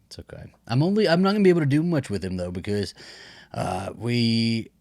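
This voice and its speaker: A man co-hosting a podcast in relaxed, casual chat, hedging with fillers. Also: medium pitch, a little fast, vocal fry, no room sound, studio quality. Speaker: podcast co-host.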